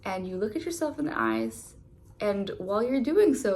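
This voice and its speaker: A woman's voice: medium pitch, expressive, moderate pace, darkish tone, a little hiss or hum. A woman giving a casual tarot reading, chatty and full of filler words. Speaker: tarot reader.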